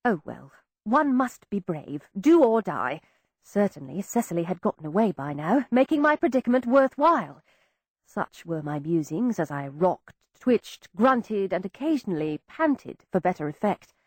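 A woman reading a first-person audiobook in an expressive, wry storytelling manner. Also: mid-range voice, normal speed, slightly rough, dry recording, studio quality. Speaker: audiobook narrator. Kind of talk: scripted first-person narration.

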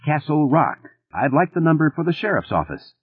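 A man's voice: a little high, big pitch swings, normal speed, breathy edge, dry recording, voice pushed up. A man voicing a panicked writer who speaks in an urgent, pleading way. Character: panicked middle-aged male writer, urgent. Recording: narrow phone-like band.

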